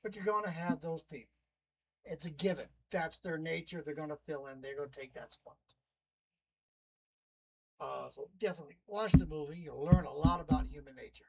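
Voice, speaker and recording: High-voiced wry man monologuing. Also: moderate pace, gravelly, slightly rough, rough recording. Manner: chatty, wry, rambling asides. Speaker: vlogger playing a demon narrator. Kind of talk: casual monologue to camera.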